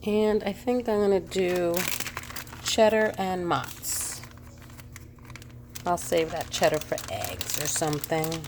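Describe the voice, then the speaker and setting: Woman, home cook, casual chatty narration, kitchen, slow and relaxed delivery. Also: on the low side, background noise. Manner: chatty, talks through each step while cooking. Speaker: home cooking vlogger.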